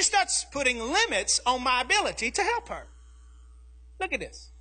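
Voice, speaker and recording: A man preaching a sermon as pastor, telling a family story and rising to shouts. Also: very high voice, moderate pace. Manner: animated preaching, acting out his daughter's voice, rising to shouts.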